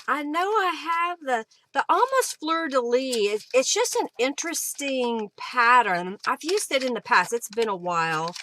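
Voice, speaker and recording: A woman hosts a live craft demo from her desk at home. She talks in an unhurried way, rambling and thinking aloud as she goes. Her voice sits a little high, with faint noise in the background. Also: big pitch swings, sharp tone. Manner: chatty and rambling, thinks aloud while searching. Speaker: host of a live crafting stream. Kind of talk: casual live demo chat.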